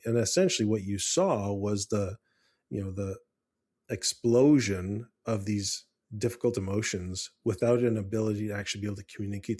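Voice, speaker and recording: Earnest low-voiced man giving dad advice. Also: mellow. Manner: earnest, with frequent restarts and fillers. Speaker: podcast co-host. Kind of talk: casual parenting advice chat.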